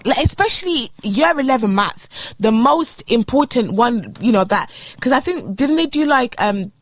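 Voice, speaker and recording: A young woman co-hosting a podcast, chatting casually in slangy, expressive talk and mimicking teachers. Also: a little high, normal speed, no echo. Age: young adult. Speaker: podcast co-host. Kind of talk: casual chat.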